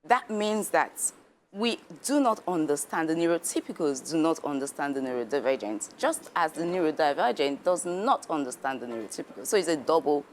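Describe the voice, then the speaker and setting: A woman guest on a breakfast TV show who explains child development in an animated way and acts out how parents react. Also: deep voice, fairly quick, slight background noise. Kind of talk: explanatory studio talk. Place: TV studio.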